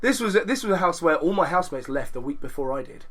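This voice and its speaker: A man tells a story on his podcast with lots of energy and a fair amount of swearing. His voice is bright and sits a little high for a man. He slips in and out of put-on voices as he talks. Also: expressive, fast talker. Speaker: podcast co-host. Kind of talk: casual storytelling chat.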